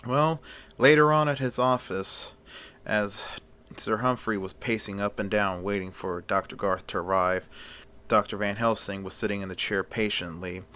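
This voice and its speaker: A man's voice: fairly low pitch, fairly even intonation, normal speed, pushed and bright, clean tone. A man casually narrating a homemade story, retelling it loosely with fillers.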